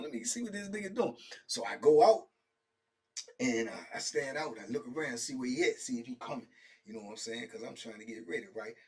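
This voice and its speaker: A middle-aged host with a medium-pitched voice tells a prison story on his show, lively and slangy, performing the voices of the people he quotes. He often checks in with his listener using "right?" and "you know what I'm saying?".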